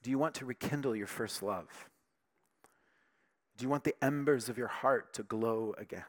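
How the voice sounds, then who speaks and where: A man preaching a sermon with emphatic, animated delivery, dropping to quiet, intimate tones between louder passages. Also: medium pitch, normal speed. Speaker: pastor.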